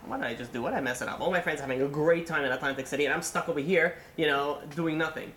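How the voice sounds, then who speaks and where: A man's voice: on the high side, rapid-fire, sharp tone, slight background noise. A man acting out a distraught young man in a story, his voice rising and strained, in an echoey room. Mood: despairing.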